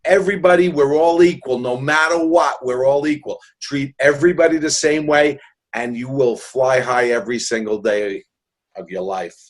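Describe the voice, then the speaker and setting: A New York City man in his sixties, appearing as a guest, tells stories in a rambling, earnest and jokey way full of restarts. He talks at normal speed in a mid-range voice.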